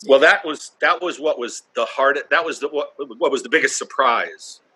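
A man's voice: mid-range voice, moderate pace, sharp tone, breathy edge. A man who does stand-up comedy, telling blunt stories from the stage and swearing freely in a casual interview. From North Carolina, US.

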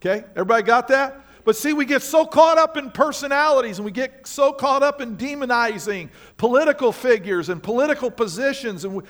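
A man's voice: extremely high pitch, lively intonation, fairly quick, hardly any pauses, fairly bright tone. A male pastor preaching a sermon in church, speaking emphatically and questioning the congregation directly. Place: church sanctuary.

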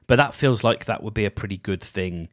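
Low-voiced man musing in a dry close mic. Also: fairly quick, fairly bright tone, no echo. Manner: rambling, full of restarts and "you know". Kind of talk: casual solo monologue.

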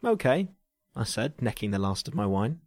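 An English man narrating a story in a dry, deadpan way. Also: lowish voice, fairly quick, no room sound.

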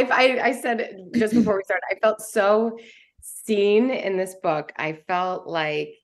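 A middle-aged woman co-hosting a book podcast, talking in an animated, emotional way with many restarts. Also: mid-range voice, slow. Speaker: book club podcast co-host. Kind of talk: casual book chat.

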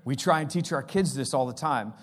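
A man in his forties preaching a sermon as pastor, energetic and acting out the voices he quotes. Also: medium pitch, brisk.

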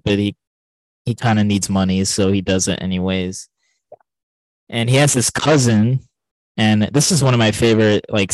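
Low-voiced man rambling about a film. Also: darkish tone, dry recording, low-quality recording. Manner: rambling, many fillers and restarts. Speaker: podcast co-host. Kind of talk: casual film discussion.

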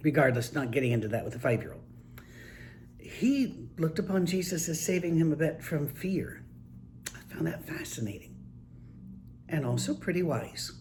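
An older man, a grandfather, telling casual anecdotes in a relaxed, folksy, wry way. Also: on the high side, normal speed, long pauses. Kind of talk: casual storytelling monologue.

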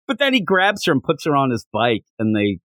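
A man's voice: mid-range voice, a little fast, no echo, clean studio sound. A man co-hosting a podcast, casually recapping a manga and acting out the characters' lines as he tells it. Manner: animated storyteller, acts out characters' lines. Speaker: podcast co-host.

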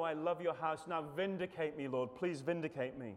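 A man's voice: fairly high pitch, a little fast, few pauses, a bit bright, in a large hall. A man preaching an earnest sermon through a run of psalms, often restarting phrases and repeating words as he goes.

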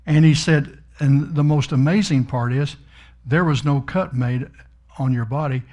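Here the same kind of folksy, emphatic sermon story comes from a middle-aged preacher whose voice rises on important words. He speaks unhurriedly at medium pitch, with a darkish tone and the highs cut off.

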